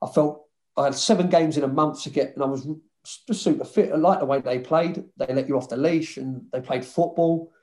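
A man's voice: a little high, a little fast, few pauses. A man, a former footballer telling stories in a casual interview, swearing and acting out conversations. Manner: swearing, animated retelling with quoted dialogue.

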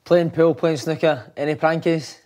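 A male host asks casual, upbeat questions that prompt his guest. His voice sits a little high for a man. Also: fairly even intonation, normal speed, a little mellow. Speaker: podcast host.

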